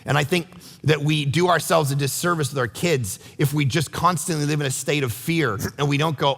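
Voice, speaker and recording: A middle-aged man preaching a sermon as pastor, animated and acting out quotes in voices. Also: high voice, fairly quick, vocal fry, big-room sound. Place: church sanctuary.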